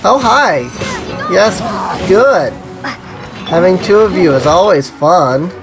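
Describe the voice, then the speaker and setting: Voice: mid-range voice, animated, takes it slowly, poor audio. A game streamer giving casual live-stream commentary, rambling with lots of "like" and an irritated, coughing throat. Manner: rambling, heavy use of "like". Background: game music.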